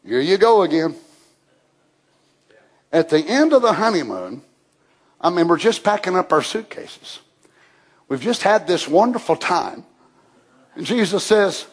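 Fiery male preacher, very high and husky, shouts then drops to a hush. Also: very animated, a little slow, pauses often. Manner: swings from shouted climaxes to hushed near-whispers; reads scripture aloud in old-fashioned wording. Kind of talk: fiery sermon.

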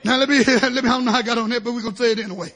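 A husky, very high-pitched man preaching a fiery sermon. He has a bright, cutting edge, and he jumps from shouted climaxes down to low, quiet asides while he drops hallelujahs in between. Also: steady tone, rapid-fire.

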